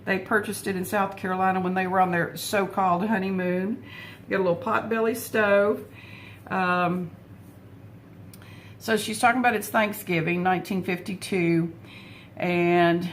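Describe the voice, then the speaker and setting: A middle-aged woman talking at her desk at home in a casual personal vlog, unhurried and heartfelt, pausing often on fillers. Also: lowish voice, a little hiss or hum. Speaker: vlogger.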